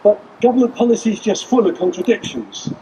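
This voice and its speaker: A man's voice: high voice, a little fast, lo-fi sound, noisy background. A man giving an earnest, rallying speech at an outdoor street protest, using repeated lists. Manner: earnest, rallying, with list-like repetition. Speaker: rally speaker. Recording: distant voice with faint outdoor ambience.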